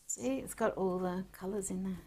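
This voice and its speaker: A woman artist chatting casually to camera as she draws and shows her art supplies, excitable and talking to herself, sometimes dropping to a soft whisper. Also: medium pitch, normal speed. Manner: chatty, excitable, talks to herself while drawing. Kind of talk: casual art tutorial chat.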